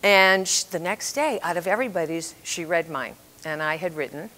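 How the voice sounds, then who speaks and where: With a lowish voice at a moderate pace and hardly any pauses, a woman in her seventies tells stories in a talk on writing, playing the characters and laughing along at her own anecdotes. A little hiss or hum sits under the recording.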